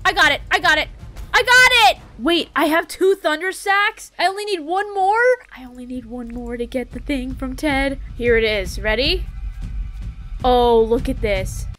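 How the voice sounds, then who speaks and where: Young female let's-player, bouncy high voice, jumpy and dramatic. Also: moderate pace. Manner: excitable, shrieks and yelps when startled; drops to a hushed whisper when tense. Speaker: gaming YouTuber. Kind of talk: let's play commentary. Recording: game music behind voice.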